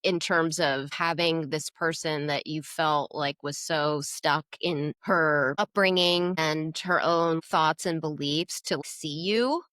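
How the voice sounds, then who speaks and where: Low-voiced, affirming woman host. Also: slow, hardly any pauses, no echo, studio quality. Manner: warm, affirming and reflective. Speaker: podcast host. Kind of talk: podcast interview.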